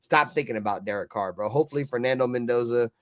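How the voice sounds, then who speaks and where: A man hosting a live fan stream, ranting with heavy cursing, swinging between loud outbursts and low mutters. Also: quick pace, no room sound. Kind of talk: profane fan rant.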